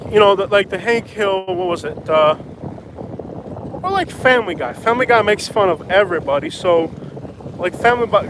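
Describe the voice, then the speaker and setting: A man live streaming outdoors from a jetty, rambling casually and saying "bro" and "like" a lot. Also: sits high. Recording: wind noise on outdoor mic.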